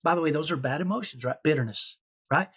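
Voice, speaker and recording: A man's voice: a little high, fast, fairly bright tone, breathy edge. A man in his fifties, a podcast guest, telling his story in an earnest, conversational way and checking in with "right?". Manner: earnest, tags points with "right?".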